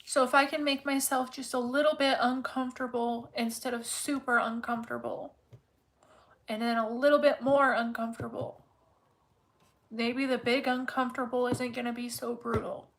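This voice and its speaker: A woman with a slightly high voice reading tarot cards in a casual, off-the-cuff way. She is blunt and swears freely, talking straight to the viewer. She drives her points home by repeating them. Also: flat delivery, moderate pace, fairly bright tone. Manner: candid and profane, talks straight to the viewer; emphatic and repetitive when making a point. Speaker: tarot reader.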